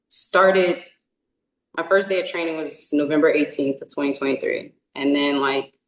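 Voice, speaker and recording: A woman's voice: low voice, roomy sound, slight background noise, poor audio. A young woman from California, a wrestler, answering interview questions casually and rambling with many fillers and restarts. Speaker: indie wrestler.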